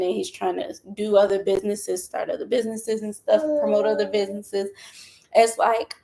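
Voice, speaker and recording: Woman vlogging, kinda out of breath, raspy fry in her voice, just venting. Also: medium pitch, darkish tone, poor audio. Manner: candid, rambling, venting. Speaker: vlogger and mother. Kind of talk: casual chat to camera.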